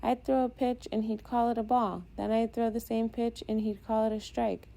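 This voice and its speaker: A woman voicing a sulky teenage boy pitcher who complains and defends himself in an audiobook. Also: flat delivery, normal speed, creaky, dark tone, low-quality recording. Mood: complaining. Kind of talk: audiobook character voice.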